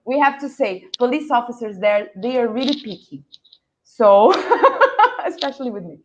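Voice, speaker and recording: A Brazilian woman whose first language is Portuguese, speaking English with a Brazilian accent, telling a lively story on a video call and acting out the voices in it. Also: on the high side, moderate pace, slight background noise. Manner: animated, laughing, acts out quoted voices. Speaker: guest English teacher. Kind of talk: storytelling in a live online panel.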